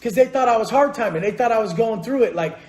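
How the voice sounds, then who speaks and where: A man's voice: high-pitched, animated, fast talker, a little mellow. A young man telling a blunt, profane, motivational story in casual vlog talk. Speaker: vlogger. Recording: echoey room.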